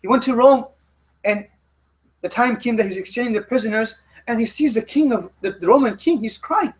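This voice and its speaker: A man with a very high voice for a man delivers a sermon to a youth group. He speaks emphatically and stacks up repeated phrases, with frequent restarts. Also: a little fast, rough recording. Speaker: religious teacher.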